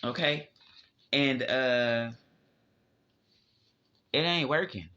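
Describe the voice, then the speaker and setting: A man's voice: drawn-out words, pushed and bright, slight background noise. A man doing a casual spiritual tarot reading, emphatic and profane. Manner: emphatic, profane, drifting pitch. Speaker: tarot reader. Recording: dull lo-fi audio.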